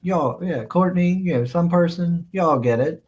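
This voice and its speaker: Chatty man, slightly high voice. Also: measured pace, a little mellow, slightly rough, muffled recording. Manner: rambling, chuckling, lots of "uh, let's see" fillers. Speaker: streamer host reading chat. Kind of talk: casual live-stream chat.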